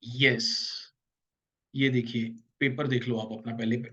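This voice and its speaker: A man's voice: mid-range voice, little pitch movement, very fast, husky, highs cut off. A man with an Indian accent teaching an exam preparation class, switching between Hindi and English and often checking in with "okay?" and "right?".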